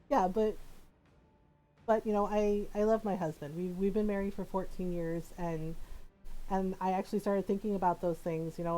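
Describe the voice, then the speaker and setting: A woman's voice: fairly low pitch, mellow, poor audio. A woman streamer chatting casually and affectionately while playing a game, laughing often.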